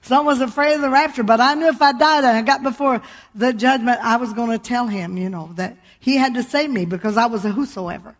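High-voiced woman pastor preaching emphatically. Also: a little fast, in a large hall. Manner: exclaims hallelujah often, emphatic and humorous. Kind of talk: sermon.

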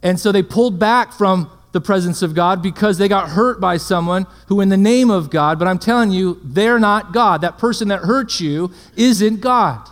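A man's voice: sits high, moderate pace, hardly any pauses. A man preaching a sermon, full of rhetorical questions and checking in with his listeners. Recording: long hall reverb.

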